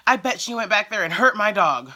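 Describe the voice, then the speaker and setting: A woman voicing an indignant female customer who complains in a shrill, self-righteous and accusatory way. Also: sing-song, fairly quick, bright, forceful tone.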